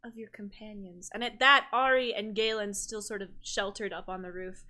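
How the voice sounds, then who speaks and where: A woman's voice: mid-range voice, normal speed, bright, forceful tone, poor audio. A woman narrating a tabletop game as game master, describing scenes in a loose, filler-heavy way.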